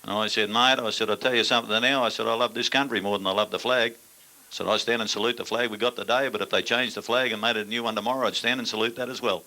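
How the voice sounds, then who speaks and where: An older Australian man works through a stand-up routine in a blunt, crude yarn-spinning style. His voice sits low but carries a bright, forceful edge. There's a faint hiss of noise, and the audience laughs behind him. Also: steady tone, fast talker. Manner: blunt, crude storytelling with dry punchlines. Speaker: stand-up comedian.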